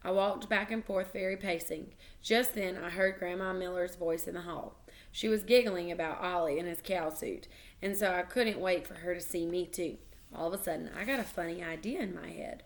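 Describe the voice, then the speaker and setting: A woman reading a children's book aloud, expressive and animated, with small slips and restarts. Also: fairly low pitch, moderate pace. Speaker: reader.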